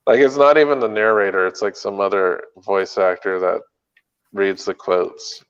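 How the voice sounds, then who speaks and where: A man with a low, smooth voice talks loosely on a podcast, pausing with lots of ums and likes. The recording has a slightly muffled, lo-fi quality. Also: fairly even intonation. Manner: rambling, hesitant, many fillers. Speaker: podcast co-host. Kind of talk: casual chat.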